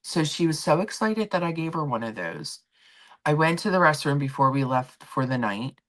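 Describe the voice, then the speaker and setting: A middle-aged woman hosting a relaxed chat stream, her voice low but swinging widely in pitch. She tells her story in a loose, chatty way, acting out what everyone said. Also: moderate pace. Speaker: stream host. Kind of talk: casual chat.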